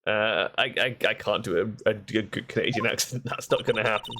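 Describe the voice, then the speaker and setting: A man's voice: on the low side, fairly quick, hardly any pauses, background noise. A man giving casual, self-deprecating commentary while streaming a game.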